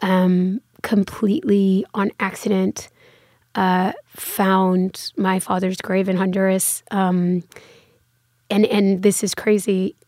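A woman's voice: medium pitch, little pitch movement, slow pace, a little mellow, dry recording, studio quality. A woman in her thirties talking casually as a podcast guest, with lots of "like" and restarts. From United States. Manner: chatty, many fillers and restarts. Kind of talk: casual interview conversation.

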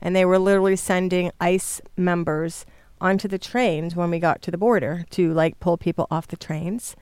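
A woman's voice: on the low side, steady tone, normal speed, a little mellow, clear, resonant tone, dry recording. A middle-aged woman, a guest on a casual podcast, telling a long rambling story and losing her thread. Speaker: guest, mother of the host.

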